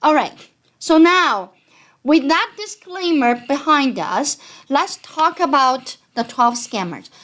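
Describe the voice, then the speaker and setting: Brief: accented woman accountant, high voice, animated and chatty teaching style. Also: slow. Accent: non-native. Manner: conversational, animated, explanatory. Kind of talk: educational talk.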